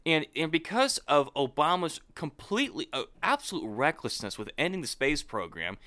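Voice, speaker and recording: Animated ranting man, bright voice. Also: fairly high pitch, normal speed, no room sound. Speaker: podcast co-host. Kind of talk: casual political chat.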